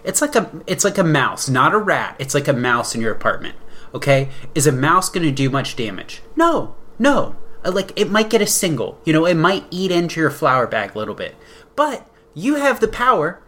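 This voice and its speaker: A playful man co-hosts a casual talk show, chatty and quick with homely analogies. His pitch moves in a lively way, rising and falling as he makes his case. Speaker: podcast co-host. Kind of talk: casual chat.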